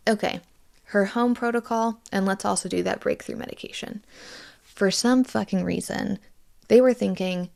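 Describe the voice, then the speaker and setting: A woman's voice: medium pitch, creaky. A woman in her thirties hosting a podcast, candidly talking through a personal update and swearing freely. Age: 30s. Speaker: podcast host. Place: Austin, Texas.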